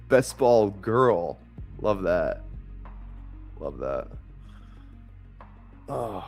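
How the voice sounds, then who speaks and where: A man's voice: fairly low pitch, sing-song, very slow, pauses often, husky, muffled recording. Rambling, chuckling male streamer over faint music. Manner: rambling, swears freely, chuckles often. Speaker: fantasy football streamer. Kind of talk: casual live-stream chat.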